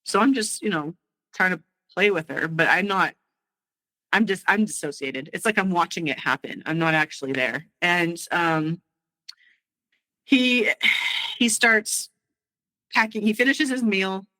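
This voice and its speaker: A woman with a bright, forceful voice recounts a painful memory in halting, emotional bursts. She restarts her sentences often as she goes back over the night. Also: lowish voice, rough recording. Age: adult. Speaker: guest sharing her story. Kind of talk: personal storytelling.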